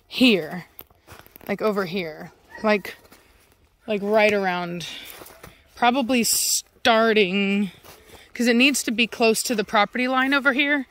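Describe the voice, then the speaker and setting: A woman's voice: mid-range voice, slow, long pauses. A woman, chatting casually outdoors on her property into a handheld phone, rambling with lots of "like" and "um". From Texas. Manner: rambling and chatty, full of "like" and "um", breaks off to yell for her dogs. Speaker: dog kennel owner. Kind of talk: casual vlog chat.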